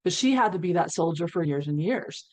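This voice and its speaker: A woman's voice: on the low side, brisk. A woman on a panel telling a long healing story, acting out what people said and laughing now and then. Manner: animated storyteller, acts out quotes, laughs between lines. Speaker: panelist, equine-assisted healer.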